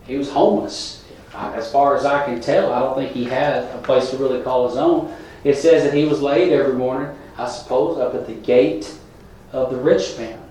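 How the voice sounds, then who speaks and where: A man's voice: mid-range voice, fairly even intonation, normal speed, mellow, a little hiss or hum. A man preaching a sermon in a plain, conversational way, talking straight to the congregation. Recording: very echoey room, from a distance.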